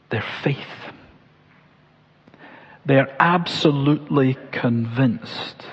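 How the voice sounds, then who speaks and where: A male preacher giving an expository sermon, asking rhetorical questions and pausing for emphasis. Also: mid-range voice, slightly rough. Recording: lo-fi church recording with long reverb.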